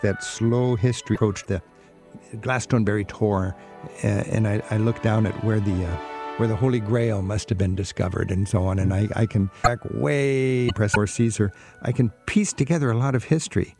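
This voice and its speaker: Chatty radio host with a gravelly voice. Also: male voice, lowish voice, fairly even intonation, moderate pace, a little mellow. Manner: enthusiastic, chatty. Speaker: radio travel show host. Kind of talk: radio interview. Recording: dry studio mic with faint music.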